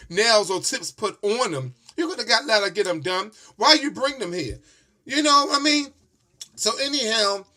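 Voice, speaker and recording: Man, sassy, emphatic, profane rant, very high pitch, bright tone. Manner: sassy, emphatic, swears a lot. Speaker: vlogger.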